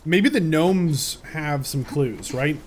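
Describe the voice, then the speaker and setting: Excitable joking man playing a game. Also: on the high side, slow, a little hiss or hum. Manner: jokey, excitable reactions with sudden yelps. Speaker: gameplay commentator. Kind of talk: let's-play commentary.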